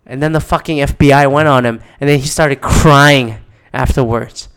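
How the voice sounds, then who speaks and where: A man's voice: mid-range voice, moderate pace, smooth. A man in a casual, rambling monologue, exasperated and swearing often.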